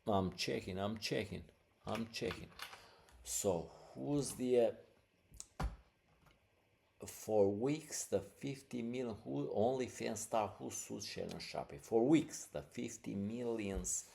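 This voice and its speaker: Male podcast host: low gravelly voice, slow, loose rambling commentary. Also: mellow. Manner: rambling, loose, many fillers. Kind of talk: casual commentary.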